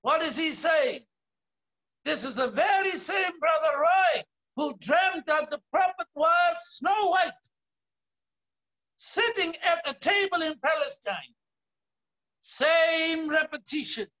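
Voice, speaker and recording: South African male pastor, high bright voice, slow deliberate sermon delivery, dull lo-fi recording. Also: animated. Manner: emphatic preaching, often raising his voice and stretching key words.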